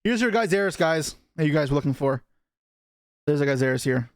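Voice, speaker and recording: Young man, streamer, casual card-opening chatter, lively up-and-down voice, higher-pitched, dry close sound. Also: dry recording. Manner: chatty, reacting to chat, quick asides.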